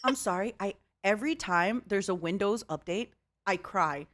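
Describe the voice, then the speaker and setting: A young woman hosting a casual chat on her stream, giggly and animated, laughing often. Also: medium pitch, normal speed. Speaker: VTuber host. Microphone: XLR microphone.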